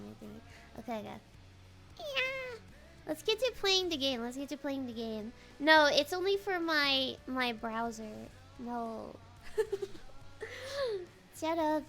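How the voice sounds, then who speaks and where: A young woman streamer chatting casually on a live stream, rambling and halting, often repeating her words. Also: sits high, animated, fairly bright tone.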